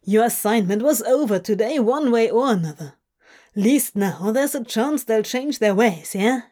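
Woman doing a cheeky demon guy from an audiobook, loud gloaty drawl. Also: expressive. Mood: cheeky teasing. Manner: booming, gloating, drawn-out. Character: gleeful menacing male demon, theatrical. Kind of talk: audiobook fanfic reading.

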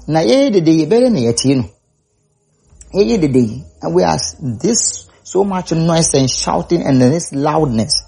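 Male preacher, mellow husky voice, emphatic and repetitive. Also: fairly high pitch. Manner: rising to emphatic calls, repeats words. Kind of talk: sermon.

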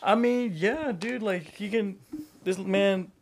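A man's voice: high voice, slow, slight background noise. A man co-hosting a podcast, talking in a laid-back way with swearing and reading texts aloud. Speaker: podcast co-host. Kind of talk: casual chat.

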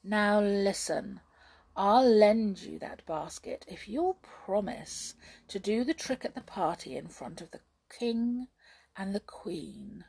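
A woman voicing a sly female witch in a storybook, chanting spells in a hushed sing-song. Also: medium pitch, lively intonation, slow pace, gravelly, breathy edge, heavily acted.

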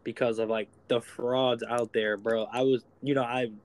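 A man's voice: mid-range voice, little pitch movement, normal speed. A man co-hosting a casual podcast, talking in a laid-back, slangy way. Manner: laid-back, slangy, lots of "bro" and "you know". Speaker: podcast co-host.

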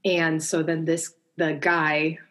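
A young American woman chatting as a podcast guest, talking fast and easy and laughing as she goes. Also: sits low, flat delivery, fairly bright tone. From United States. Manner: chatty, laughing, many likes. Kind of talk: casual chat.

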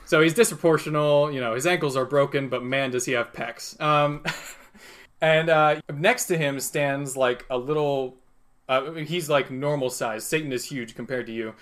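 A man's voice: medium pitch, steady tone, moderate pace, fairly bright tone. A man narrating a tabletop game as game master, casual and laughing, with many fillers.

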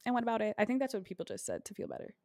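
A woman's voice: fairly high pitch, big pitch swings, dark tone, dry recording, studio quality. A woman, co-hosting a casual podcast in a teasing, chatty way. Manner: quick, chatty, teasing, many fillers. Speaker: podcast co-host. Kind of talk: casual chat.

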